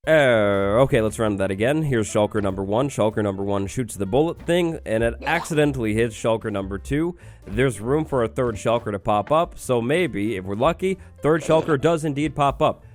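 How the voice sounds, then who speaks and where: An excitable, upbeat man hosting a gaming video, giving gameplay commentary and chatting to the creature on screen. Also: medium pitch, moderate pace, faint music behind.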